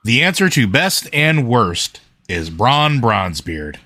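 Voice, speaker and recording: A man's voice: mid-range voice, sing-song, slow, sharp tone, no room sound. A man co-hosting a casual podcast, speaking in a playful, emphatic way. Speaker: podcast co-host.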